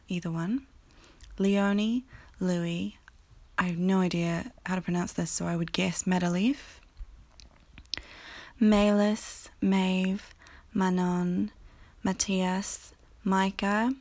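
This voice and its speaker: A woman's voice: on the low side, steady tone, takes it slowly, dry recording. A woman with a New Zealand accent reads baby names aloud one by one, adding chatty asides about how she says them. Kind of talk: casual name-pronunciation video.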